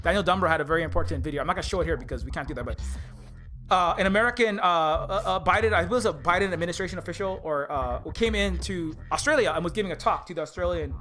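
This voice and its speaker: High, bright-voiced man ranting heatedly. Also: racing, soft background music. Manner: heated and rambling, many fillers and restarts; slips into mocking impressions of others. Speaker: indie game developer streaming live. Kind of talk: impassioned political rant on a live stream.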